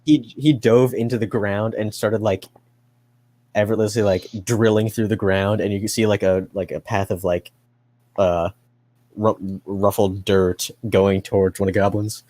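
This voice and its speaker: A man's voice: fairly low pitch, fairly even intonation, normal speed, darkish tone, no echo. A young man narrating as game master, hesitant and full of fillers as he describes the scene. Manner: hesitant, many fillers and restarts.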